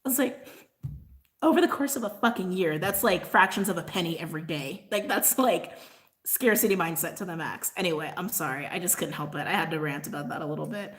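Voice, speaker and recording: A woman's voice: fairly low pitch, brisk. Rambling, ranting woman host. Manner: rambling, ranting, heavy use of "like", laughs often; apologetic asides. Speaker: tarot channel host. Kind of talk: casual livestream chat.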